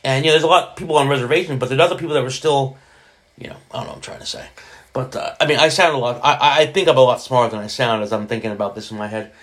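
A man's voice: mid-range voice, very fast, fairly bright tone. A man hosting his own podcast in a casual, rambling monologue, often restarting his sentences. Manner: slips into jokey put-on voices. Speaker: podcast host.

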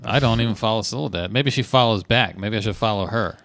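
Podcast host guy, low-ish voice, laid back, trips over his words a bit. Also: fast talker, vocal fry, fairly bright tone, dry recording, clean studio sound. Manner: laid-back, hesitant restarts. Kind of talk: casual chat.

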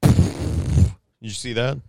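A man's voice: fairly low pitch, animated, drawn-out words, creaky, warm tone, breathy edge, no echo, studio quality. A young man co-hosting a casual podcast chat, telling rambling stories, swearing freely and laughing often. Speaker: podcast co-host.

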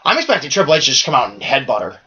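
A man co-hosting a podcast in casual wrestling chat, rambling and animated, swearing freely. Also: medium pitch, racing, highs cut off. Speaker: podcast co-host.

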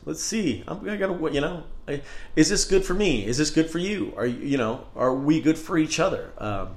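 A man hosting a casual solo podcast, talking in a rambling, candid and profane way. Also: mid-range voice. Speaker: podcast host. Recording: roomy echo.

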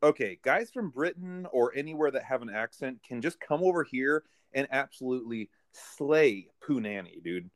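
Man, mid-pitched voice, animated, joking, crude podcast banter. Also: moderate pace, hardly any pauses. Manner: animated, joking, says "dude" a lot. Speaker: podcast co-host.

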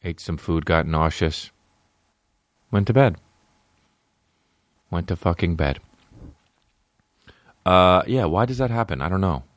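A man's voice: low voice, lively intonation, takes it slowly, pauses often, no echo, studio quality. A man hosting a podcast, talking in a profane, sarcastic, rambling comedic monologue. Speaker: podcast host.

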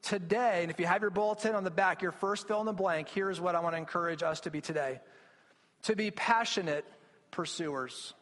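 A man's voice: high voice, brisk, fairly bright tone. A male pastor preaching a sermon in a church, explaining scripture earnestly and often restarting his phrases. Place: church sanctuary. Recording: long reverb of a church hall.

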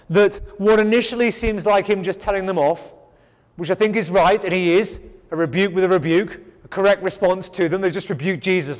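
Guy preaching a bible lesson, pretty high voice, keeps repeating for emphasis, stumbles and restarts a lot, echoey hall. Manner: emphatic, repetitive rhetorical build-ups; frequent stammered restarts. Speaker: Bible teacher. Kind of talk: sermon-style Bible teaching.

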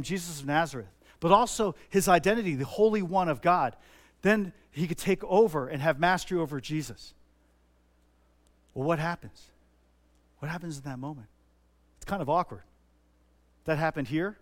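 A middle-aged man preaching a sermon, earnest and repetitive, leaning hard on stressed words. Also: a little high. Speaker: pastor.

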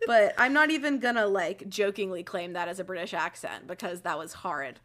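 A young woman co-hosting a casual book chat, giggly, animated and fond of swearing. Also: medium pitch, fairly quick. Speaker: podcast co-host.

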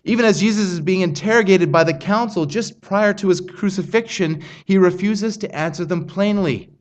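A middle-aged man preaching a sermon, earnest and emphatic, reading scripture aloud with slow, weighted pauses. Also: high-pitched.

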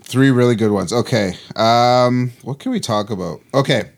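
A man's voice: medium pitch, normal speed. A man co-hosting a casual sports podcast, loose and rambling, laughing often. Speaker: podcast co-host.

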